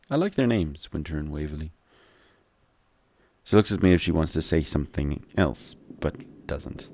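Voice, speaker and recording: A man reads a visual novel aloud and breaks off into wry, joking asides. His voice is low with a gravelly fry. He sits close to the mic in a dry room. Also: lively intonation, normal speed, warm tone, no room sound. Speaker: gameplay commentator.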